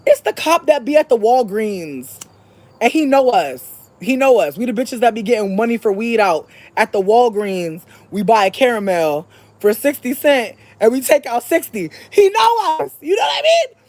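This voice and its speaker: Animated, profane young storyteller. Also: medium pitch, moderate pace, dry recording. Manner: profane, animated, swings from soft to shouting. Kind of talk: casual storytelling monologue.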